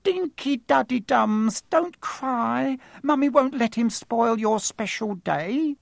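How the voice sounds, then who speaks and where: A shrill, snappish middle-aged aunt, as a male narrator does her, scolding in a high, pinched voice that jumps up in pitch. The storybook reading sounds dry and close, with no room around it. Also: animated, takes it slowly, creaky, no room sound, full character voice. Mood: shrill fussing.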